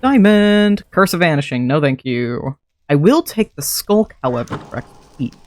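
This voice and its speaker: A man's voice: a little high, expressive, moderate pace, a little hiss or hum. A man streaming a modded game, chatting casually and thinking aloud to himself as he plays. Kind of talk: casual gameplay commentary.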